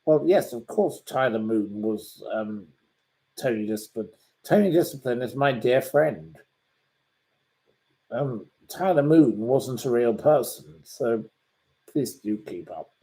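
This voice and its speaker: A man's voice: medium pitch, mellow. A man from Derbyshire, hosting a casual livestream and answering viewers' questions in a rambling way with dry put-downs. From England, Derbyshire. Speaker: livestream host reading viewer comments.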